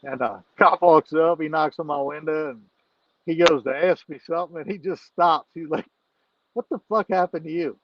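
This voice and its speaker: A man's voice: a little high, moderate pace, muffled recording, a little hiss or hum. A man telling a rowdy story as a podcast guest, laughing and cursing freely. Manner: laughs often while telling stories, swears freely. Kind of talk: casual storytelling.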